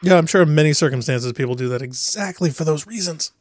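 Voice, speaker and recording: A man's voice: a little high, quick pace, dry recording, studio quality. A man playing a video game on stream and chatting with wry jokes. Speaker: player. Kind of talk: casual chat while playing a game.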